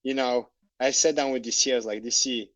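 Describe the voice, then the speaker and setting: A man telling a long personal story as a podcast guest, lively and animated, acting out the conversations he recounts. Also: medium pitch, brisk, no echo, poor audio.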